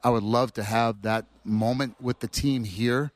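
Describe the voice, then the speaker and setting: A man, a former player, telling animated anecdotes as a guest. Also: medium pitch, measured pace, dry recording. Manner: animated storyteller acting out quotes. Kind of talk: anecdotal storytelling.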